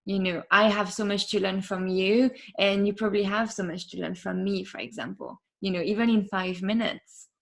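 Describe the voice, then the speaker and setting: A woman podcast host being interviewed, talking casually with many fillers and soft laughs. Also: medium pitch, fairly even intonation, moderate pace, gravelly, hardly any pauses.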